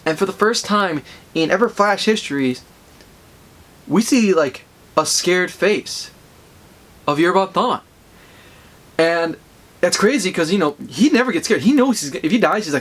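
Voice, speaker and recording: A man casually reviewing a comic, retelling the story in an excited, rambling way with many fillers. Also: high-pitched, unhurried, pauses often.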